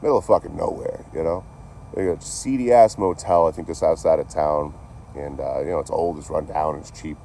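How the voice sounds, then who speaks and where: Low-voiced man rambling through a story. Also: a little fast, creaky, mellow, a little hiss or hum. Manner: rambling, heavy swearing, laid-back. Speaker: livestreamer telling stories. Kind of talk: casual storytelling to a live chat.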